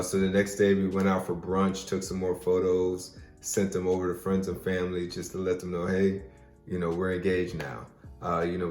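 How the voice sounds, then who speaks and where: A man casually telling a personal story as a podcast host, rambling with lots of fillers. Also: sits low. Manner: relaxed, rambling, many fillers. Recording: roomy echo, faint music.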